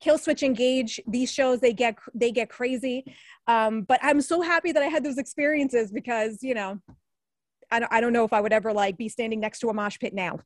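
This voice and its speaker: Woman, forties, New York accent, chatty, laughing, fillers, higher voice, dry sound. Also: a little fast, no echo. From New York area. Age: 40s. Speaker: alumni guest, former radio newscaster. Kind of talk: casual interview chat.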